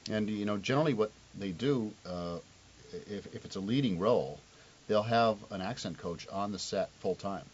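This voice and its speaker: Deep-voiced man, lo-fi hiss. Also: moderate pace. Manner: relaxed, joking, laughs easily. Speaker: television director. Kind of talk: casual conversation. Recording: lo-fi with faint hiss.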